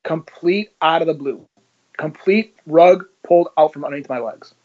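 Slightly muffled lo-fi audio captures a middle-aged former policeman with a fairly high voice talking at normal speed. He relates his story in a casual interview, voicing the dialogue he quotes.

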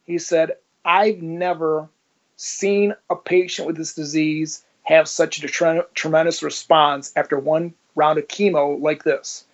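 An interview guest, a man, tells his own story in a somewhat high, fairly even voice at a slightly slow pace. He swears freely and vividly acts out each exchange. The recording has a dull, lo-fi quality.

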